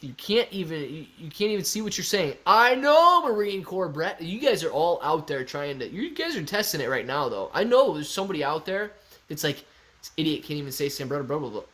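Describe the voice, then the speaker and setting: A man hosting a casual livestream, playfully reading chat messages aloud and stumbling through tongue twisters. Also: a little high. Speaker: livestream host.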